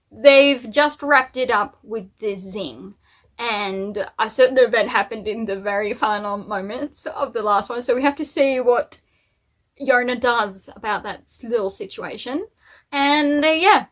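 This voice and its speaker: A woman's voice: fairly high pitch, a bit bright. A woman book vlogger chatting casually and cheerfully about the books she plans to read, with little asides and fillers. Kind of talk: casual chat.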